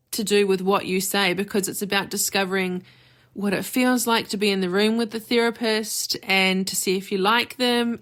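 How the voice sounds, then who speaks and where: A woman's voice: mid-range voice, a bit bright. A woman hosting her own podcast, talking openly as a therapist about her experience. Her speech is candid and conversational, with casual "like" and "you know" fillers. She speaks as a reflective, personal monologue.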